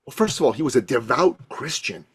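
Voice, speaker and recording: A man guesting on a podcast as a coach, telling a story with passion and building to loud emphatic peaks. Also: medium pitch, expressive, a little fast, breathy edge, no room sound. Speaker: guest, coach and thought leader.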